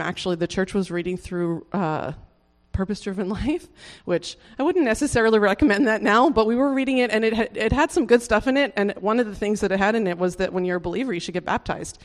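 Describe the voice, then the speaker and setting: Earnest halting testimony in a reverberant hall. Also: mid-range voice. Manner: halting and earnest, full of "like" and restarts, with soft laughs. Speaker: person sharing a conversion testimony. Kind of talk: casual personal testimony.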